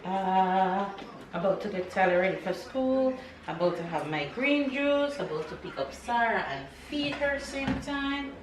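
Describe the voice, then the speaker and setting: In an unhurried, medium-pitched voice, a mother tells stories in a casual home vlog, laughing often. Her manner is playful and animated. The room is echoey and there's background noise.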